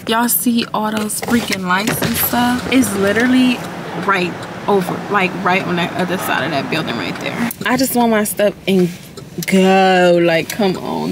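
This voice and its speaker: A woman's voice: on the high side, noisy background. A young woman vlogging to her viewers while driving around and walking city streets, chatty and full of slang, calling her audience y'all. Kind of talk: casual vlog chat to camera.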